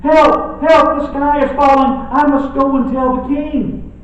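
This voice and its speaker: A preacher doing a frantic squealing little hen. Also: male voice, flat delivery, measured pace. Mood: panicked. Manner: high, squealing alarm. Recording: echoey, phone-like distant church audio.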